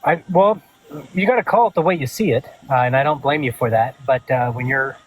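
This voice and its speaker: A man's voice: medium pitch, brisk, soft background music, poor audio. A man joining a livestream as a guest, chatting in a laid-back way and swearing casually. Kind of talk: casual chat.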